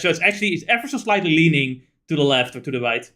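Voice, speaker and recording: Chatty, high-voiced male streamer. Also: fast. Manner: rambling, animated storyteller with frequent fillers and swearing. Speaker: streamer playing a video game. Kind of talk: casual gaming stream chat.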